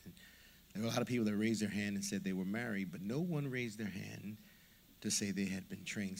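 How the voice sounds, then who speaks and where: A man preaching a sermon as a pastor, earnest and teaching, with breathy asides. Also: on the low side, slight background noise.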